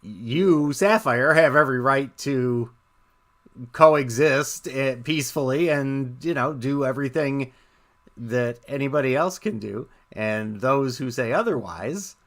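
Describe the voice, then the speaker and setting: Bright-voiced earnest male co-host. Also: mid-range voice, a little slow. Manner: earnest, supportive, restates points, many fillers. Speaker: talk-show co-host. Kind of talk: casual talk-show chat.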